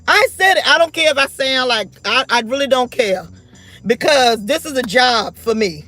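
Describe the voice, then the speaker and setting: A woman's voice: high-pitched, animated, moderate pace, sharp tone. Blunt, defiant woman in her forties ranting. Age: 40s. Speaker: vlogger. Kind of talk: unscripted rant to camera.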